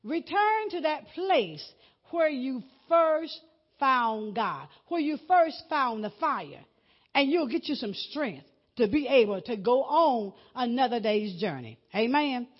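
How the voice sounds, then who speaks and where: A woman preaching with a high, swooping voice that climbs and drops as she drives her points home. She slows right down to read scripture, then rushes ahead when she preaches. The recording is dull and lo-fi. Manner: expressive preaching, reads scripture slowly then speeds up. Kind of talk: sermon.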